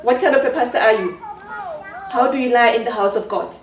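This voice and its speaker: A woman with a high voice speaks in a hurt, accusing way and keeps circling back to the same points. She is recorded from a distance in an echoey room. Her testimony is emotional and personal. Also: a little fast. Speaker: interviewee.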